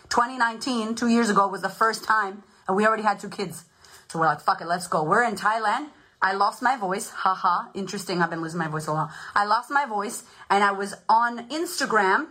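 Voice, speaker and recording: A woman's voice: medium pitch, bright, forceful tone, poor audio. A woman in her thirties, a podcast host and confidence coach, giving a blunt, swearing, emphatic motivational talk in a casual livestream.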